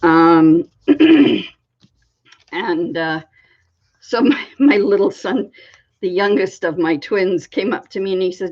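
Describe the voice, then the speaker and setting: Slow-talking woman clearing her throat. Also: mid-range voice, darkish tone. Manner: chatty, meandering, often clears her throat. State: slight frog in her throat. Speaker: crafting channel host. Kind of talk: casual rambling chat. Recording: dull lo-fi recording.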